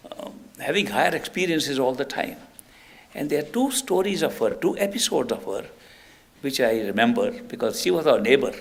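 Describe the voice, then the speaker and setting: Man, spiritual teacher, gravelly voice, unhurried storytelling, soft chuckles. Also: mid-range voice. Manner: unhurried anecdotal telling with soft laughs.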